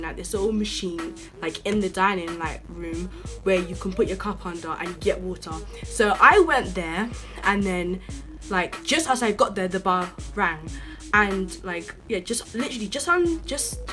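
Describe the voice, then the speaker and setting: A woman's voice: medium pitch, a bit bright. A young woman telling a storytime vlog in a chatty, indignant way, full of filler words. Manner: indignant, rising to outbursts. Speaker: vlogger.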